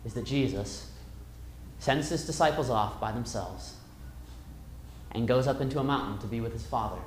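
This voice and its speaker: A man's voice: mid-range voice, normal speed, a little hiss or hum. Man teaching a Bible class, echoey room. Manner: reads verses aloud and retells the story with wide swings in loudness.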